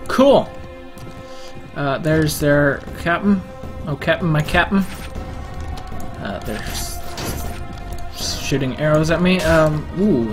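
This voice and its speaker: Slow-talking gamer, chatty and excitable. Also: medium pitch. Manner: chatty and self-mocking, with sudden excitable outbursts. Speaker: let's play gamer. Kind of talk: casual gameplay commentary. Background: faint in-game music and keyboard typing.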